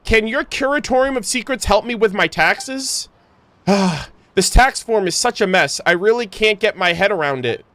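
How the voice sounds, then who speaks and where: A man's voice: high-pitched, animated, normal speed, a bit bright, no echo. A man reading as a flustered, overcharged merchant. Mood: fretful. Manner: reads the merchant's lines aloud in his own voice.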